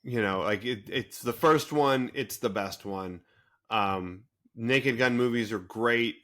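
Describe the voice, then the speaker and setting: A man co-hosting a podcast, talking in a casual, animated way with many fillers. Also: medium pitch, slow pace. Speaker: podcast co-host. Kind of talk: casual chat.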